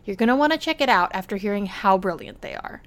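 A woman's voice: medium pitch, expressive, fast talker. A woman hosting a podcast, reading a scripted intro and then interviewing a guest in an upbeat, friendly way. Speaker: podcast host.

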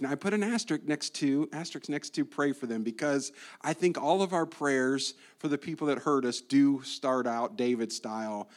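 A man preaching a sermon as a guest preacher, swinging between hushed asides and loud emphasis, with playful humor. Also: medium pitch, normal speed, few pauses.

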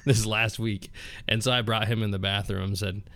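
A man with a low, bright, forceful voice chatting casually with a friend. He laughs through his stories and tends to let sentences trail off. His tone stays easygoing throughout. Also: steady tone, moderate pace. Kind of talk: casual chat.

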